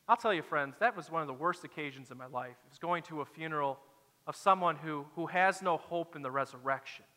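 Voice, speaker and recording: High, bright-voiced preacher man. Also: fairly quick, big-room sound. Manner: dramatic, acts out quoted lines. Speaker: pastor. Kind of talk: sermon.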